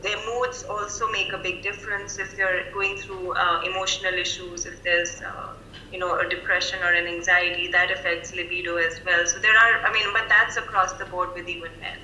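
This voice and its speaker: A woman clinical psychologist speaking over a video call, thoughtful and measured, with frequent fillers. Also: fairly low pitch, little pitch movement, bright, forceful tone, reverberant, slight background noise, low-quality recording. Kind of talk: professional video-call interview.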